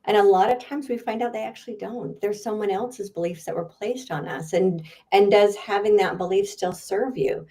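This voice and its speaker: Woman, podcast guest, mellow dark voice, chatty and animated. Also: mid-range voice, moderate pace, hardly any pauses. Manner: chatty, animated, laughs often. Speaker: guest author and speaker. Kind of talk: podcast interview answer.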